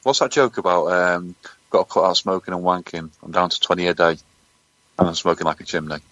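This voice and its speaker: A man's voice: deep voice, fairly even intonation, a little fast, bright, forceful tone, no echo. A man with a Northern English accent, co-hosting a crude comedy podcast and cracking dry jokes. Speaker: podcast co-host. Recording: dull lo-fi mic.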